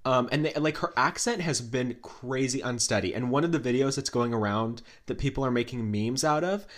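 A podcast co-host telling celebrity gossip in a casual, dramatic way, full of fillers and asides. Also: male voice, mid-range voice, fairly quick. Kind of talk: casual pop culture gossip chat.

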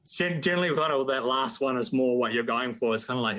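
A man hosts a sports radio show in a relaxed, chatty way. His voice is bright and clear, and he speaks quickly. He likes to tease his guests. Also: mid-range voice. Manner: chatty, jokey, teasing. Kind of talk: casual radio chat and interviewing.

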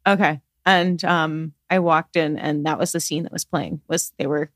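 A woman co-hosts a casual podcast in an earnest, emotional way, often gushing. Her voice sits on the low side for a woman. The sound is close and dry, with no room around it. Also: steady tone, moderate pace, dry recording. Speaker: podcast co-host. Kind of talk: casual chat.

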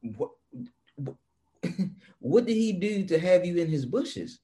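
A man with a northern US accent, co-hosting a casual chat in a teasing, animated way. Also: sits high, slow pace. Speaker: podcast co-host.

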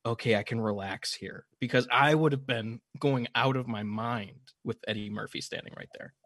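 A man's voice: medium pitch, moderate pace, a bit bright, no room sound, clean studio sound. A man hosting a podcast interview, building up to a friendly question.

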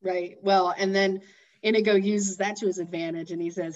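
A woman retells a movie plot with chatty, animated energy. Her pitch is middling, and the sound is dull and lo-fi. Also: normal speed. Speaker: podcast co-host. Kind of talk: casual movie recap chat.

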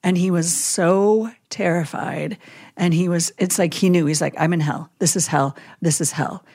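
A woman chaplain telling a vivid story in a casual podcast chat, animated and full of "like" and "you know". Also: lowish voice, moderate pace, breathy edge.

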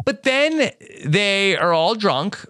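A man's voice: high-pitched, big pitch swings, slow, sharp tone, no echo, studio quality. A man hosting a podcast, chatting casually with sarcastic, mock-exasperated asides. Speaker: podcast host. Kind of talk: casual recap chat.

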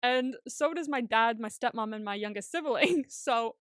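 On a casual podcast, a young woman co-host swaps stories, laughs often and acts out quotes. Her voice is on the high side and fairly bright, at a normal speed, with clean studio sound and no echo.

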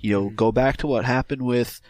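A man's voice: mid-range voice, steady tone, moderate pace, a little mellow, no echo. A man in casual podcast chat, explaining his view point by point.

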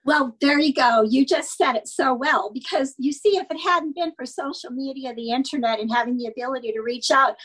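Older lady reminiscing, high-ish husky voice, laughs a lot. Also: brisk, hardly any pauses, fairly bright tone, low-quality recording. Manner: wistful, laughs while telling. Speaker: guest. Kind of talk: storytelling in casual chat.

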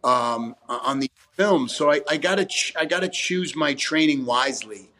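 A man's voice: medium pitch, lively intonation, moderate pace, bright, forceful tone. A man, an actor guest talking casually in an interview, rambling with restarts and frequent swearing. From New York, USA.

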